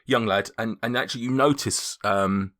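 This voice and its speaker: A man narrating as game master of a tabletop game, halting, with many restarts. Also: on the low side, fairly bright tone.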